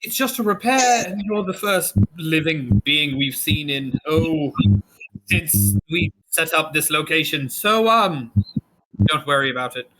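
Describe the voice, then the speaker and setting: A man's voice: on the high side, animated, measured pace, noisy background. A man voicing a friendly, flirty male tiefling shopkeeper who is overly welcoming.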